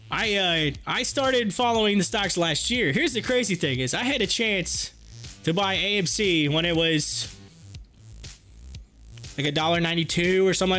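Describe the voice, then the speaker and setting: A man hosting a casual livestream, reading chat and talking in an excited, chatty, folksy way, a bit hoarse. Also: high-pitched. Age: adult with kids. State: hoarse, losing his voice.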